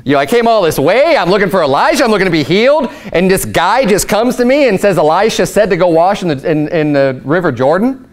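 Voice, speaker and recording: A man's voice: high voice, expressive, quick pace. A preacher acting out an indignant, proud army captain who cannot believe how he was received. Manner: exasperated, incredulous.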